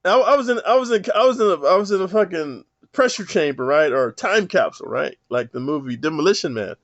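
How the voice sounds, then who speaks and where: A man giving a rambling, profane monologue to camera, rough street talk full of "man". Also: sits high, animated, fast talker, dry recording. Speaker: self-help vlogger. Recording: dull lo-fi dry sound.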